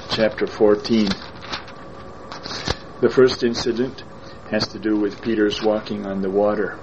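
A man preaching a sermon in a slow, deliberate way, repeating his phrases for emphasis. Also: fairly low pitch, muffled recording, background noise.

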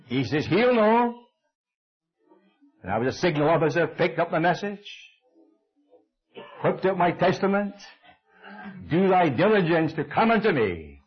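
A man's voice: normal speed, pauses often, dull audio, faint music behind. An older man with a Scottish accent preaching a sermon, telling a wartime story and acting out the dialogue. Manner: animated storytelling, acting out dialogue with shifting pitch.

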